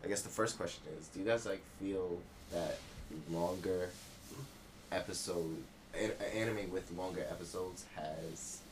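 A man's voice: sits low, steady tone, a little slow, background noise. A man hosting a casual podcast chat, rambling loosely and restarting his sentences. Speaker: podcast host.

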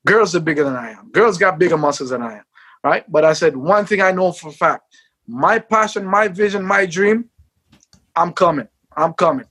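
Telling his life story in an interview, a former sprinter acts out quotes and shouts when the story peaks. He has a high voice with a breathy edge and talks a little fast.

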